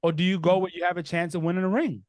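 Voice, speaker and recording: A man hosting a casual sports podcast, giving blunt, animated opinions. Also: sits high, racing, no room sound, clean studio sound. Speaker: podcast host.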